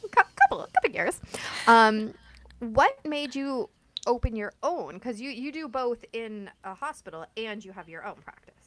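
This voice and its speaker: A woman's voice: on the high side, sing-song, normal speed, no echo. A woman hosting a podcast who chats casually and tells side stories, acting out bits of dialogue. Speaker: podcast host. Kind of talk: casual interview chat.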